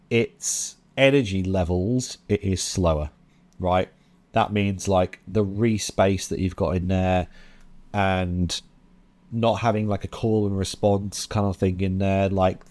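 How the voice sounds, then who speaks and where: A man hosting a show reviewing new drum and bass tracks, talking casually and bluntly with lots of fillers. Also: darkish tone. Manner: chatty and blunt, with frequent fillers and laughs. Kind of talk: casual commentary. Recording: music playing under the voice.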